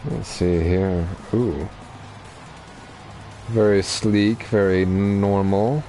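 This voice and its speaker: A man's voice: lowish voice, extremely slow, faint music behind. A young man giving casual, chatty commentary while streaming a racing game. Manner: relaxed, chatty, explaining racing strategy.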